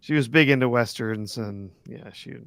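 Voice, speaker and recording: A man co-hosting a live stream, chatting casually and reminiscing in a relaxed way. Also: medium pitch, normal speed, no echo. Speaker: livestream co-host. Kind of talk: casual chat.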